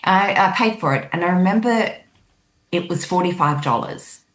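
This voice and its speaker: Low-voiced woman telling her dream. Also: normal speed. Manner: lively storytelling, acting out the people in her dream. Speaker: guest. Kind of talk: recounting a dream in conversation. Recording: echoey room.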